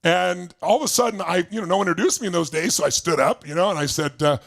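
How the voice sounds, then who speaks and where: Older male motivational speaker with a raspy edge, lively and audience-engaging. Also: high-pitched, fast talker. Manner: animated, asks the audience questions, laughs often. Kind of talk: storytelling seminar talk.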